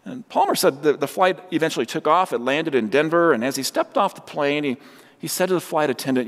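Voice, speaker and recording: A man's voice: on the high side, expressive, fairly quick. A man preaching a sermon, telling stories and acting out the voices of the people in them. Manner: storytelling, acts out quoted voices. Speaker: pastor. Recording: long hall reverb.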